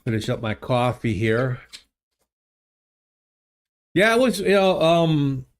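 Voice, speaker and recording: A man hosting a livestream, chatting casually and thinking aloud in a halting, easygoing way while playing a geography game. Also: mid-range voice, big pitch swings. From United States. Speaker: livestream host. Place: home streaming studio. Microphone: studio desk microphone.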